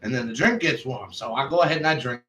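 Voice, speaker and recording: A man's voice: medium pitch, fast, bright, forceful tone, roomy sound, close to an everyday voice. A man voicing a rambling male criminal suspect who was stood up on a date. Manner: meandering, laid-back storytelling.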